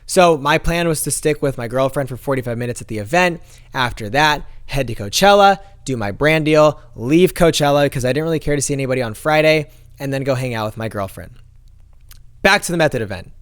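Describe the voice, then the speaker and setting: A young man vlogging, telling a story to his viewers in an animated way and acting out the lines of the people in it. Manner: expressive, acts out quotes with big pitch jumps.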